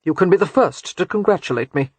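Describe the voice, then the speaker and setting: Woman reading icy young nobleman, curt and cold, a bit husky. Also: fairly low pitch, expressive, fast talker, dry recording.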